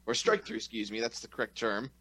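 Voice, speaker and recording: A man's voice: medium pitch, very animated, fast talker, bright, forceful tone. A man co-hosting a casual geek podcast, drawling his words out and laughing easily. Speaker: podcast co-host. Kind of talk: casual group chat.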